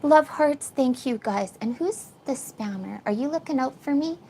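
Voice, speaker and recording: A middle-aged woman talks to her livestream viewers through a cheap phone. She sounds teary from crying and rambles emotionally. Her voice sits a little high and has a gravelly fry. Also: animated, moderate pace, dark tone, slight background noise. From Canada. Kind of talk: casual live-stream chat.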